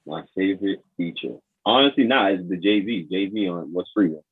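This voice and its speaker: A man guesting on a podcast, giving calm, measured answers in casual chat. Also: deep voice, husky. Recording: tinny, phone-like call line.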